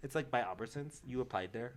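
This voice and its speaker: A young man hosting a casual podcast, rambling and animated with lots of "like". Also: medium pitch, fast. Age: young adult. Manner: rambling, animated, many "like" fillers. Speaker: podcast host. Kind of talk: casual chat.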